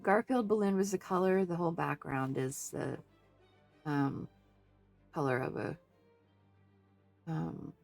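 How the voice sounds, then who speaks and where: A woman's voice: low voice, steady tone, takes it slowly, gravelly, long pauses, a little mellow, soft background music. A woman chatting casually through an art journaling tutorial, thinking aloud, fussing over details and talking to her viewers. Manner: fussy, second-guessing. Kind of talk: casual crafting tutorial chat.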